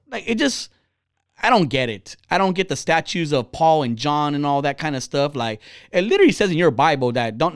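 High, lively man telling a candid story. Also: clean tone, no echo, clean studio sound. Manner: candid, rambling, with frequent restarts and laughs. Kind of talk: casual storytelling chat.

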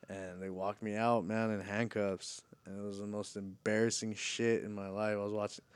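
A man's voice: fairly low pitch, flat delivery, normal speed, clean tone. A man telling a story in casual chat, slangy and profane.

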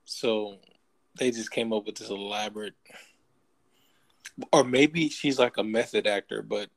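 A man's voice: lowish voice, steady tone, measured pace, vocal fry, rough recording. A man chatting casually as co-host, rambling with lots of fillers and asking questions. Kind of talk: casual chat.

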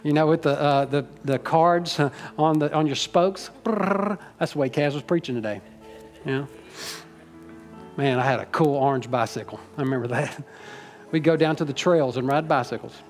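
In a church sanctuary, a middle-aged pastor preaches to his congregation in a folksy, rambling way, teasing them and growing emotional. His voice sits in the mid range at a normal speed, with soft music in the background.

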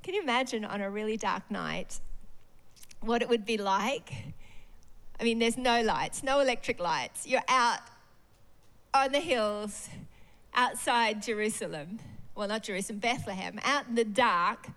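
A woman's voice: on the high side, a little slow, fairly bright tone. A woman preacher giving a sermon in a church service. She talks expressively and animatedly and often laughs.

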